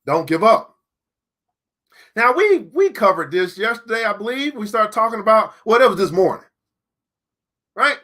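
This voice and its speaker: Motivational teacher, male; high, bright voice; emphatic preacher-style delivery with slow repeated lines. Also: sing-song. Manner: addresses listeners directly as beautiful people. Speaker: teacher and book club host.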